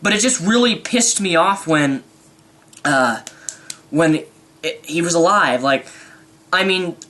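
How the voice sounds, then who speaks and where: Excitable young man with a bright voice. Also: on the high side, slow pace. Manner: excitable, rambling, unscripted. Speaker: movie reviewer. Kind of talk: casual movie review vlog.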